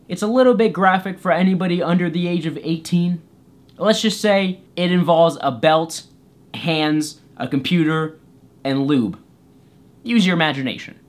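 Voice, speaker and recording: A young man with a somewhat high voice tells a comedic story to camera. He is goofy and self-deprecating. He slips into playful voices for the people in the tale. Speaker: YouTuber storyteller. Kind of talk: comedic story time vlog.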